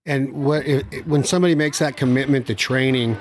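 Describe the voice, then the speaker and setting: A man's voice: mid-range voice, a little fast. Male host, prompting questions, faint noise behind. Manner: curious, prompting. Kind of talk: interview questions.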